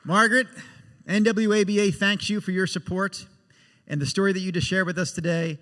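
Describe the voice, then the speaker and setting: A man's voice: sits high, steady tone, fairly quick, a bit bright. A man hosting a live fundraising lunch, chatting and joking with the audience. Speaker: event emcee. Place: large banquet hall. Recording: reverberant hall PA.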